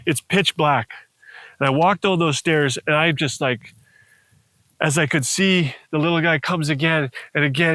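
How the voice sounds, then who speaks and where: A man's voice: fairly high pitch, sharp tone, dry recording. A man preaching a sermon, telling a personal story with feeling and acting out the voices in it, his voice rising to pleading cries. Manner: emotional, acts out quoted voices, rises to pleading cries. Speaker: pastor.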